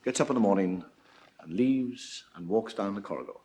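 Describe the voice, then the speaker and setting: A man's voice: fairly low pitch, animated, fairly quick. A man doing stand-up storytelling on stage, telling jokes in a wry, dry way. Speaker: stand-up comedian. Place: stage before a live audience. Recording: noisy archive TV recording.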